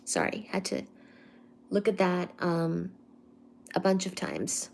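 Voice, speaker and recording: A woman hosting a casual live stream, reading viewer comments aloud and teasing back in a careful, clearly articulated way. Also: fairly low pitch, big pitch swings, slow, darkish tone. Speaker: livestream host.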